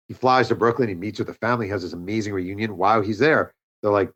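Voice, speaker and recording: A man, an author and podcast guest, telling a story with animated energy and acting out the lines of the people in it. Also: fairly low pitch, fast talker, muffled recording. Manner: animated storyteller, acts out quoted dialogue. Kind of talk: conversational storytelling interview.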